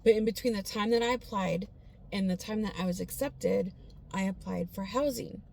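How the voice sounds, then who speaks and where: A woman sharing her personal faith testimony in a casual, earnest, heartfelt way, pausing often with fillers. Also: mid-range voice, vocal fry, darkish tone.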